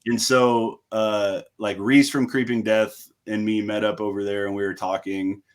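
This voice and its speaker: Laid-back low-voiced young man telling stories. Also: level tone, a little slow, clear, resonant tone. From United States. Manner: laid-back, swears freely, acts out quotes. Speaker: guest, metal band frontman. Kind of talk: casual storytelling chat.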